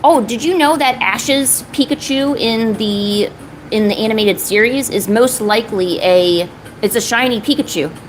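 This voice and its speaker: A woman's voice: fairly high pitch, normal speed, slight background noise, rough recording. A woman chatting casually on her art live stream, talking to viewers and cooing at her cat between drawing. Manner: chatty, coos baby talk to her cat.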